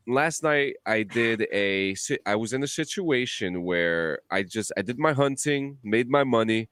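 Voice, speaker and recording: A man on a podcast telling a long gaming story in a casual, profane, animated way with many restarts. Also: mid-range voice, no room sound, clean studio sound. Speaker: podcast co-host.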